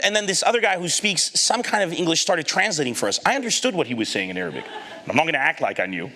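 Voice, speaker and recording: A man with a bright, forceful, slightly high voice tells a funny story in an animated way. He gives the people in his anecdote their own voices and laughs at his own lines as he goes. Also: fast. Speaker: comedian giving a talk. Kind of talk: storytelling stand-up talk.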